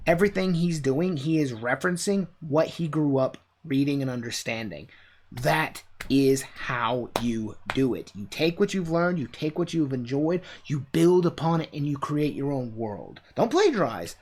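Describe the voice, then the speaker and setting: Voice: medium pitch, big pitch swings, moderate pace, a little mellow. A reaction streamer giving enthusiastic, rambling commentary full of "like"s.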